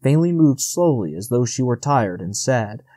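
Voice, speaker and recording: A man narrating a classic novel as an audiobook, steady and measured at a middling pitch. The recording is dry and close-miked, with no room sound. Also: dry recording.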